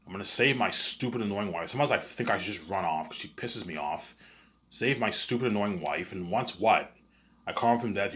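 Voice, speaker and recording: A man's voice: deep voice, fairly bright tone. A man vlogging in a rambling, repetitive monologue with frequent swearing.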